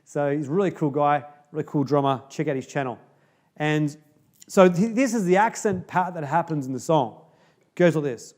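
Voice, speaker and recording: A man's voice: on the high side, expressive, normal speed, soft background music. A man teaching a drum beat in a casual video lesson, upbeat and chatty, often checking in with "okay?".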